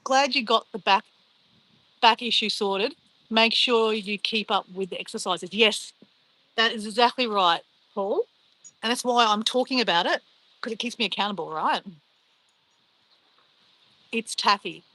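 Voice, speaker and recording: A woman's voice: on the high side, unhurried, long pauses, pushed and bright, low-quality recording. A middle-aged Australian woman with an Australian accent, hosting a casual livestream, chatty and upbeat as she reads out chat messages and shrugs off insults. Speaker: livestream host reading chat.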